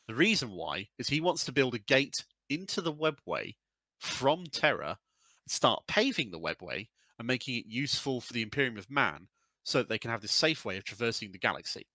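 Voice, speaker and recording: A man's voice: medium pitch, big pitch swings, moderate pace, sharp tone, no room sound. A man co-hosting a casual podcast, telling a sweary, rambling story. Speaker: podcast co-host. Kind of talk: casual lore chat.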